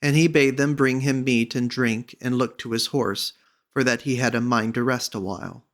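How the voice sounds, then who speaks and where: A man reading a classic storybook aloud as an audiobook narrator, in a measured, even manner. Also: mid-range voice. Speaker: audiobook reader.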